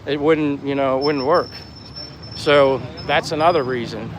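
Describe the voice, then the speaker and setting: Unhurried and medium-pitched, a live-stream host in his fifties from Pennsylvania chats casually while strolling by the sea in a town, amiably rambling through viewer comments. Wind hits the mic amid faint outdoor noise, a breeze, and distant street and boat sounds.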